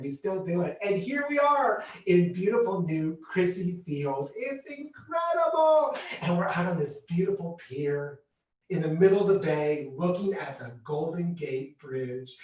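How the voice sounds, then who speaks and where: A man performing a comic autobiographical monologue on a theatre stage, animated and exclamatory. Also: fairly high pitch. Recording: echoey theatre, distant mic.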